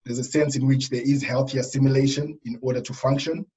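A middle-aged man from Africa speaking thoughtfully in a panel discussion, pausing with fillers. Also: mid-range voice, steady tone, muffled recording, a crowd in the background. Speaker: panel guest. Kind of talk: casual discussion.

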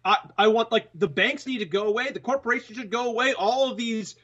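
A husky man with a high voice co-hosts a political talk show and argues at length with emphasis. His sound comes through dull and lo-fi. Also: a little fast, a bit bright. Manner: emphatic, building an argument at length. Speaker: co-host.

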